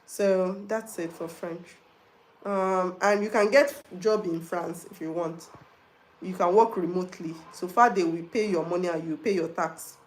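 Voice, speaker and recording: A woman's voice: lowish voice, roomy sound. A Nigerian woman hosting a casual live question-and-answer stream, chatting directly with viewers and slipping in Yoruba and pidgin phrases. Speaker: livestream host.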